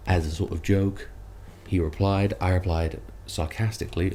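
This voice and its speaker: A man's voice: deep voice, fairly even intonation, normal speed, mellow, slight background noise. A man who makes online videos, ranting about other creators in a sarcastic, rambling, self-mocking way. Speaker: content creator. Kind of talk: ranting commentary vlog.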